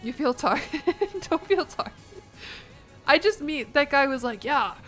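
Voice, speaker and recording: A woman streaming a game, chatting casually in a rambling, jokey way full of quick asides. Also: high voice, expressive, a bit bright, soft background music. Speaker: VTuber streamer. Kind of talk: casual livestream commentary while gaming.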